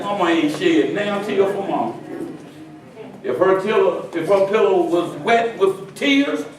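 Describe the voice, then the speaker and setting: A pastor preaching a sermon to his congregation, swinging between quiet asides and shouted climaxes. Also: high voice, lively intonation, unhurried, a crowd in the background. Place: church sanctuary with congregation. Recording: very echoey church hall from far off with congregation. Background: congregation responding and laughing.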